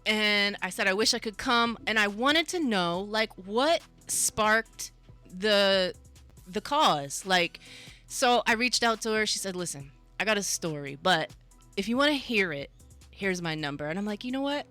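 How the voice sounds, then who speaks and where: A woman hosting a casual radio talk show about mental health, chatty and quick to laugh. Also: mid-range voice, lively intonation, bright, forceful tone, faint music behind.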